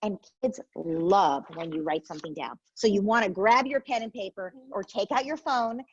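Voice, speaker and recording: A woman's voice: medium pitch, normal speed, slightly rough, dull audio. A woman, a parenting expert guest, explains her method in an interview and acts out what parents and children say.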